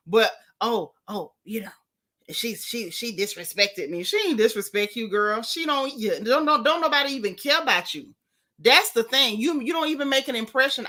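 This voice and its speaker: A woman hosting a live stream, chatting bluntly and sassily about a reality show and thanking viewers. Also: a little high. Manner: sassy, blunt, animated gossip. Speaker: show recap host. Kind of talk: casual live-stream chat.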